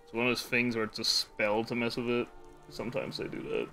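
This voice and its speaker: A man's voice: medium pitch, little pitch movement, fairly quick, vocal fry, pushed and bright, soft background music. A man streaming a game live, rambling casually, swearing freely and laughing often. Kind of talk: casual gameplay chat.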